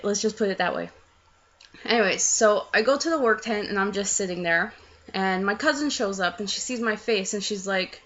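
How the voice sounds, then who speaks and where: A woman's voice: mid-range voice, normal speed, bright, forceful tone, dull audio. A young woman casually telling a rambling, self-mocking story to the camera.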